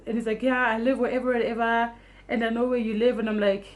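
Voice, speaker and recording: A young woman vlogging casually, telling a story fast and animatedly with free swearing. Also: on the high side, little pitch movement.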